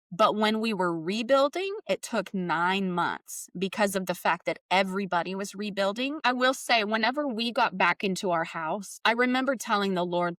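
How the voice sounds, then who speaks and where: A middle-aged woman telling a personal story in an interview, earnest and reflective, often trailing off softly. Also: medium pitch, dry recording. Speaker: podcast host appearing as guest. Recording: voice a bit distant from the mic, dry.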